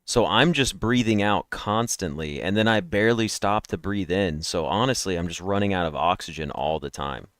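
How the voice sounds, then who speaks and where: This is casual live-stream chat from a man hosting daily guessing games, yawning while he talks and rambles without pause to his audience over a headset mic. His low voice moves at normal speed with hardly any pauses and sounds a bit bright. The audio is studio quality with no room sound.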